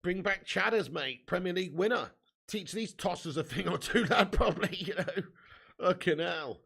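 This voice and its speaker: A man's voice: high voice, moderate pace, vocal fry, a bit bright, breathy edge. A young man hosting a live football watch-along, reading out viewer comments and ranting bluntly about his team's heavy loss. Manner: blunt, sweary, frustrated fan banter.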